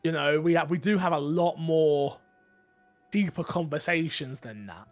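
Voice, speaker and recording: A man hosting a casual gaming podcast, talking in a rambling, animated way with many restarts. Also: on the high side, a little slow, soft background music. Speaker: podcast host. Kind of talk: casual group chat.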